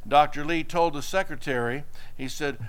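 A man's voice: a little high, moderate pace, smooth. A man preaching a sermon, telling a story and building to emphatic exhortation. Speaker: pastor.

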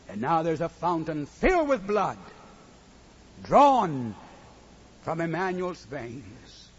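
A man preaching a sermon in church, with a slow, rhythmic delivery that swings from hushed tones to loud cries. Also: a little high, slightly rough. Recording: muffled recording with faint noise.

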